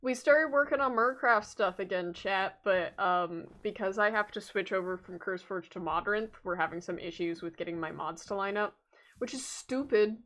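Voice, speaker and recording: A woman's voice: mid-range voice, moderate pace, a bit bright. A young Canadian woman with a Canadian accent, chatting casually to her viewers during a game stream, rambling with lots of fillers.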